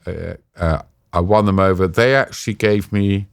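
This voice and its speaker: A British man with a deep, low voice tells a personal story in halting, emotional bursts, full of restarts and sometimes choked up. The sound is dry and close, with no room around it. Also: vocal fry, clean tone, no room sound. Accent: British English. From Britain. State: choked up at times. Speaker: interview guest.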